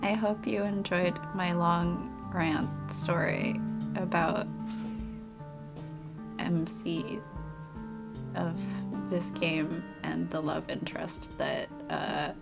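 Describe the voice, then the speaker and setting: A woman's voice: lowish voice, level tone, slow, vocal fry, long pauses. A woman co-hosting a game stream, rambling in casual chat, swearing and laughing. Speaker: streamer, co-host. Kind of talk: casual let's-play chat. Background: game music.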